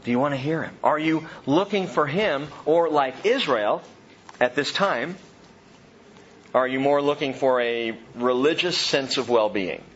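A man's voice: mid-range voice, unhurried, a bit bright, muffled recording, a little hiss or hum. A man preaching a sermon, earnest and emphatic, asking his listeners question after question. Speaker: pastor.

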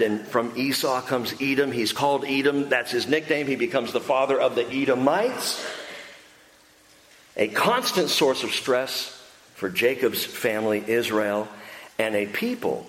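A male pastor preaching a sermon in an animated, humorous and emphatic way. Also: medium pitch. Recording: echoey hall with faint noise.

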